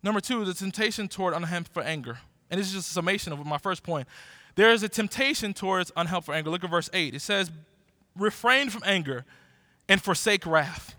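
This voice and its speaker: A man in his forties preaching a sermon in a lively, conversational way, often restarting his words. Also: high-pitched, quick pace, no room sound, studio quality. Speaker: pastor.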